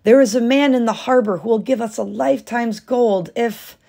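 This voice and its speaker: A pushy, demanding sail maker husband from a storybook, as a woman reading aloud puts him on. He speaks raised and urgent in a pitched-up, gravelly voice that leans on every order. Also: big pitch swings, normal speed, darkish tone, exaggerated voice. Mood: excited.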